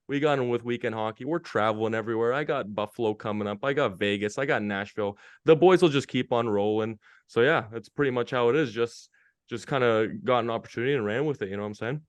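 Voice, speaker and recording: A man telling stories as a guest on a casual podcast, energetic and full of slang. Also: medium pitch, clean tone, dry recording. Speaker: guest, hockey media interviewer.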